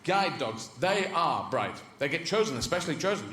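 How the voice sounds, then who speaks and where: A man's voice: on the high side, big pitch swings, moderate pace, few pauses, fairly bright tone. A man performing a rambling, whimsical stand-up comedy routine. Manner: rambling and whimsical, slipping into voices. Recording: echoey venue with ambient noise.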